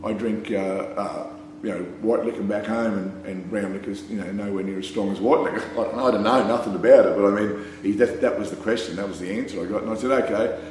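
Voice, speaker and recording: A man's voice: lowish voice, steady tone, brisk, a little mellow. A man with an Australian accent telling a casual anecdote, rambling with fillers and breaking into laughter. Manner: rambling, laughing, full of "you know" and "mate". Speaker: storyteller. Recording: very echoey room with faint hum.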